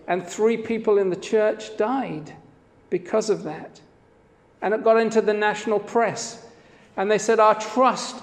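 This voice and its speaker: A high-pitched man preaching a sermon, earnest and conversational as he works through quoted passages. His voice rings out with a long hall reverb around it. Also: darkish tone. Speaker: pastor.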